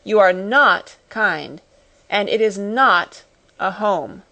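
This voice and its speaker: Steadfast storybook girl put on by a lady reader, soft n earnest, bit higher voice. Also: animated, moderate pace, highs cut off. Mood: fierce. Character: proud, steadfast young girl, quietly defiant.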